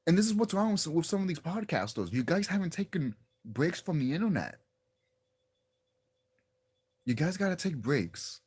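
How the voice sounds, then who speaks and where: A man's voice: fairly high pitch, big pitch swings, unhurried, pauses often, husky. A young man ranting casually to his viewers as a wrestling vlogger, profane and exasperated, often restarting and repeating himself.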